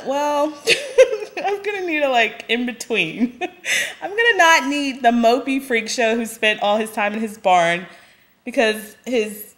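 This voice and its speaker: Young female reviewer, casual episode commentary, higher voice, giggly, acts out dialogue. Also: normal speed, fairly bright tone. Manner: chatty and laughing, acts out quoted lines.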